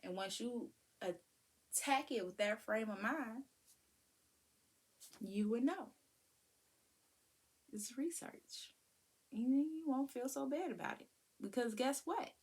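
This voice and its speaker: A woman giving casual, animated parenting advice, breaking into sing-song sounds. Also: fairly high pitch, measured pace, pauses often, slightly rough. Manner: animated, preachy, sings and vocalizes to demonstrate. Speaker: parenting vlogger.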